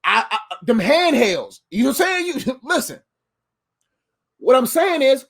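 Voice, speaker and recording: A man giving a motivational faith talk as a life coach, animated and playful, full of slangy asides. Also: extremely high pitch, a little slow, vocal fry.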